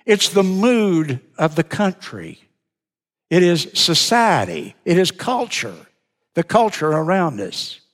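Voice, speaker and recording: Pastor, male, slightly high voice, emphatic sermon delivery, long church reverb. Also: very animated, slow pace. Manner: emphatic preaching, repeats key phrases. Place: church sanctuary.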